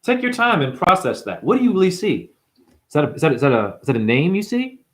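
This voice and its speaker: A man's voice: fairly high pitch, sing-song, fast talker. A man giving an intense, profane spiritual sermon to camera, firing rhetorical questions at the viewer. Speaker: spiritual teacher. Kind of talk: unscripted preaching monologue.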